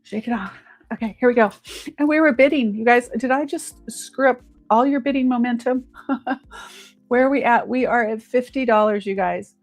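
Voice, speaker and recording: A woman's voice: on the high side, normal speed, faint music behind. Chatty woman hosting a live auction. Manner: chatty, upbeat, addresses viewers as "you guys". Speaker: live jewelry auction host. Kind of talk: live-stream selling chat.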